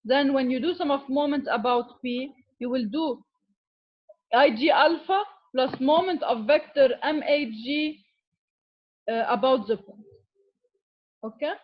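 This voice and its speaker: A woman's voice: high voice, measured pace, long pauses, highs cut off. A woman giving a classroom lecture as an engineering teacher, explaining step by step and often checking in with "okay?". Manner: switches to Arabic with students.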